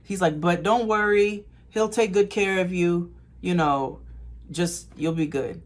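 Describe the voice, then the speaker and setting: A man co-hosting a podcast, telling a story casually and acting out the people in it, with bursts of loud laughter. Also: high voice, steady tone, a little slow. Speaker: podcast co-host.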